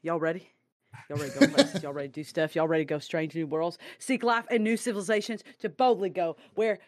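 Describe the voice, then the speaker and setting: A man's voice: a little high, fairly quick, pitched below the performer's own voice, natural voice. A man voicing a folksy male space-pilot hype man with a Southern American drawl, calling out to his listeners over and over. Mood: hyped drawl. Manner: rallying, repetitive calls to the listeners.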